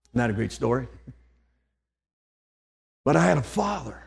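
A man's voice: mid-range voice, very animated, normal speed, creaky, husky. An older man preaching an old-fashioned sermon, dropping to near whispers and then rising to fervent outbursts.

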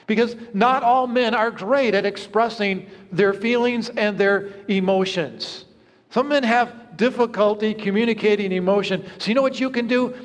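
Man, pastor, high voice, earnest sermon, storytelling, long church reverb. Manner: earnest, storytelling with hushed low moments. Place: church sanctuary.

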